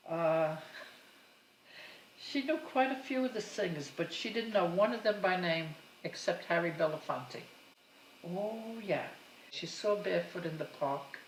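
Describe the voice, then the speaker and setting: Older woman telling stories about her mom, fond, mic kinda far off, slight hiss. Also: fairly low pitch. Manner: fond, anecdotal, with small laughs. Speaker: narrator of her mother's life. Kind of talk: oral history storytelling. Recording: roomy, distant mic, faint noise.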